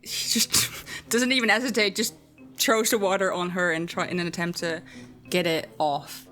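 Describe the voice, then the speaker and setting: A woman's voice: lowish voice, fairly even intonation, normal speed, a bit bright, faint music behind. A woman playing in a tabletop game, hesitantly describing what her character does. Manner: hesitant, full of fillers, narrates her character's actions. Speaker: player. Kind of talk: casual tabletop play.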